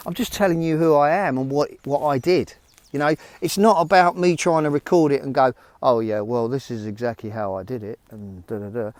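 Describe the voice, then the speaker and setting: A man's voice: medium pitch, darkish tone, dry recording. A man talking earnestly and bluntly to a handheld phone camera, giving a motivational vlog with frequent restarts and swearing. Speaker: vlogger.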